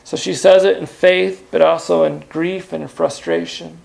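A male pastor delivering a sermon with a fairly high voice that has a gravelly, creaky edge. He speaks earnestly, slipping in "uh" and rhetorical questions as he goes. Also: steady tone, normal speed, darkish tone, a little hiss or hum.

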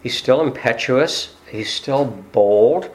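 A man preaching a sermon in a conversational way. He puts rhetorical questions to his congregation and often fills pauses with "uh.". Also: mid-range voice. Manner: frequent "uh" fillers. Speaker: pastor.

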